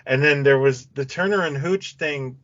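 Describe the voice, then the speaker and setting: A Canadian-raised man co-hosting a podcast in a wry, chatty way, with frequent laughs. His voice is mid-pitched and close, with a dry, dull lo-fi sound. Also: moderate pace, fairly bright tone, no echo. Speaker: podcast co-host. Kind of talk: casual chat.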